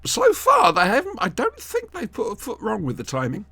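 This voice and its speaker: Gravelly man, lively commentary. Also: high-pitched, brisk, no echo. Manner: jokey, rambling, animated reactions. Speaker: podcast co-host. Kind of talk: casual watch-along commentary.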